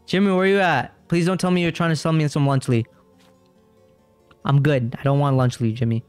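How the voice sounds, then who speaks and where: Fairly high yet a little mellow, this young man's clean voice keeps fairly even intonation and a moderate pace as he casually narrates his game for chat. He's skittish and rambling, repeating himself when scared. A dry close mic with no room sound captures him over faint game music.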